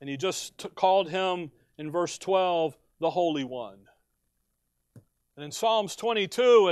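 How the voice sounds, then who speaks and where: High-voiced impassioned male preacher. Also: clean tone, no echo, clean studio sound. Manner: impassioned preaching, swinging from quiet asides to loud cries. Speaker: pastor. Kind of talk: sermon.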